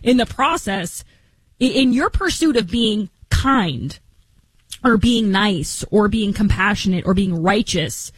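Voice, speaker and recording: A podcast co-host with a medium-pitched, slightly rough voice delivers opinionated commentary slowly but animatedly, rambling with passion and frequently restarting her sentences. The recording is dry and rough.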